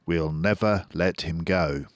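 An older British man reading a children's book aloud in a slow, expressive storytelling manner. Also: deep voice, no room sound, clean studio sound.

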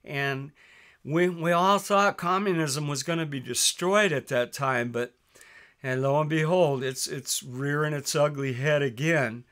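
A man preaching a sermon, reading scripture aloud with emphasis and dropping his voice softly when he addresses his listeners as beloved. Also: fairly high pitch, a little slow. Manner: reads scripture in a raised, emphatic voice, drops soft on "beloved".

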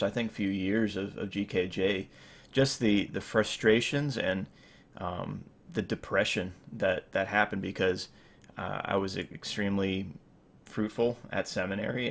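A man's voice: lowish voice, vocal fry, fairly bright tone. A man in his thirties giving an informal sermon as pastor, rambling with many fillers and restarts.

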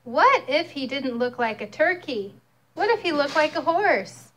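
A young mother reading a picture book aloud to her child, expressive and storytelling. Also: high voice, measured pace.

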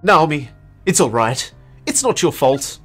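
A man doing a reassuring teenage schoolboy in a horror game reading. He speaks gently and steadily, with a lively rise and fall in pitch, over faint music. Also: measured pace, husky, heavily acted. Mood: soothing.

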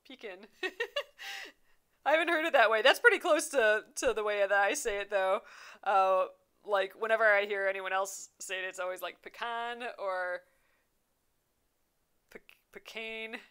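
A woman's voice: mid-range voice, normal speed, long pauses, fairly bright tone, clear, resonant tone. A young adult woman hosting a casual craft livestream, chatting and reading viewer comments aloud with frequent laughs. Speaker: embroidery livestream host.

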